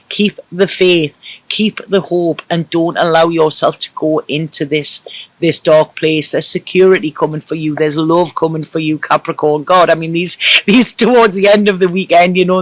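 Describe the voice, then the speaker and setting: A man's voice: on the high side, no echo. A man giving a casual, emotional tarot reading to camera, reassuring and rambling with many fillers. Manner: emotional and reassuring, full of "you know" fillers. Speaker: tarot reader.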